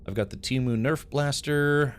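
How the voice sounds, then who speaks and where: A man livestreams a game, chatting casually with his viewers in a smooth, mid-range voice at normal speed. He tells rambling stories and laughs often as he talks to chat.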